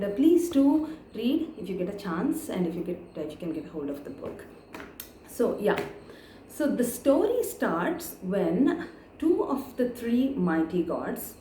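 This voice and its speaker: A woman telling an old scripture story to camera with animated, sing-song pitch, turning to ask her listeners questions. She pauses often on fillers. The echoey room carries a faint background hum.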